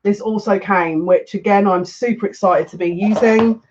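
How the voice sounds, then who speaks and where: A woman doing a chatty live tarot reading who is excitable and gushing and often restarts her sentences. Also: mid-range voice, moderate pace, muffled recording. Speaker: psychic tarot reader.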